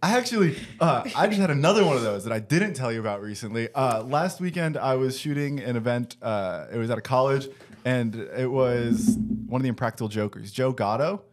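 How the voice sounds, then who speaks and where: A man's voice: mid-range voice, brisk. A young man hosting a podcast from his basement, telling a story in a casual way, swearing and laughing often. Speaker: podcast host. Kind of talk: casual chat. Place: home basement.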